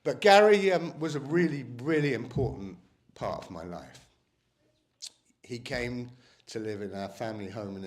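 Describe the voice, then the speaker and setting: A man speaking at a memorial reception about his late cousin, emotional and halting, with frequent ums. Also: low-pitched. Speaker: cousin giving a eulogy. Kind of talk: memorial speech. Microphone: microphone.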